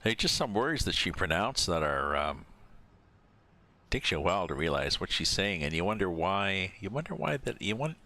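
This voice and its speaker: Very deep-voiced man streaming. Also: big pitch swings, moderate pace, sharp tone. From Canada. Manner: rambling, musing aloud, reading out viewer names. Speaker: game streamer. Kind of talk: casual live-stream chat while driving a truck sim.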